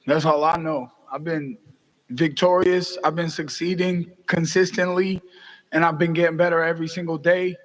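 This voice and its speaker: A man's voice: fairly high pitch, steady tone, moderate pace, low-quality recording. A male fighter boasting and taunting his opponent at a press conference. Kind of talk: press conference trash talk.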